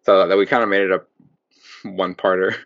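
A man's voice: sits low, level tone, fast talker, gravelly, lo-fi sound. A man with a Wisconsin accent, co-hosting a podcast in casual, rambling chat. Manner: chatty, rambling, restarts sentences. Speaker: podcast co-host.

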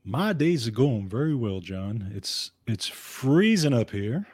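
A man's voice: mid-range voice, big pitch swings, takes it slowly, darkish tone, slightly rough, no room sound, studio quality. A middle-aged man co-hosting a casual chat over a video call, easygoing and chatty. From upstate New York. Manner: easygoing, chatty, laughs often. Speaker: co-host.

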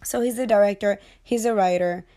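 A woman's voice: medium pitch, fairly quick, dark tone. A woman chatting casually about movies, joking, swearing freely and wandering off on tangents. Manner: rambling, jokey, swears freely, goes off on tangents. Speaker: movie review vlogger.

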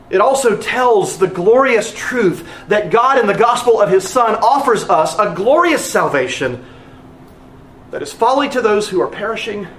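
A pastor preaching with a high voice that leaps up and down in pitch. He presses his points earnestly, repeating phrases for emphasis. His voice rings in a roomy, echoey sanctuary. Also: fairly bright tone, a little hiss or hum. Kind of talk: sermon.

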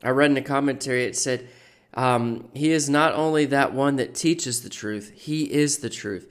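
A man hosting a Christian devotional podcast, teaching earnestly and slowing down to stress the scripture he quotes. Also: mid-range voice. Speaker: podcast host and preacher.

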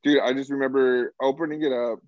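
A man's voice: medium pitch, steady tone, a little fast, darkish tone, dry recording, highs cut off. A young man in casual chat, adding to the story with exasperated, cursing reactions.

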